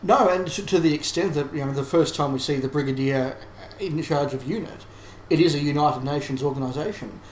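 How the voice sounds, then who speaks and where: This male podcast co-host speaks at a fairly high pitch and a brisk clip, barely pausing as he restarts thoughts in a reflective, analytical way during a casual chat. There's a roomy quality to the sound and a light background hiss.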